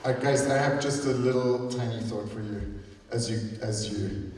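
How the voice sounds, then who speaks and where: A man's voice: medium pitch, moderate pace, heavy background noise. A man, a school music teacher, making an emotional farewell speech to graduating seniors at a concert. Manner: warm, choked-up farewell to seniors. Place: concert hall. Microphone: far from the recording mic. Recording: echoey hall from far off, loud crowd.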